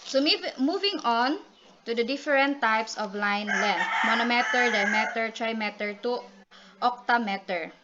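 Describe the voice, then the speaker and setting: A woman's voice: on the high side, normal speed. A woman presenting a class report, reading definitions with frequent ums and restarts. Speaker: student reporter. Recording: dull lo-fi recording with loud noise.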